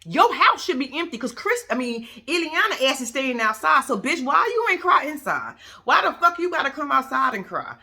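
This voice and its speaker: A woman's voice: sits high, sing-song, normal speed, hardly any pauses, pushed and bright. A woman giving blunt, profane, casual reaction commentary to her viewers. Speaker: reaction vlogger.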